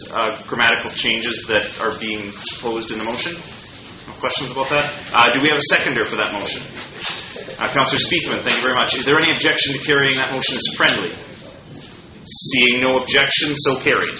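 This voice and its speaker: A man's voice: mid-range voice, normal speed. A man chairing a student council meeting, procedural with many fillers and restarts. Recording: roomy, dull, noisy meeting room.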